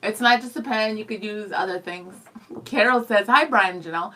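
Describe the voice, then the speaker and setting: A woman's voice: medium pitch, bright, forceful tone, a little hiss or hum. A woman co-hosting a radio show in the studio, reading listener comments aloud with a bubbly, teasing manner. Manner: bubbly, laughing, quick to tease.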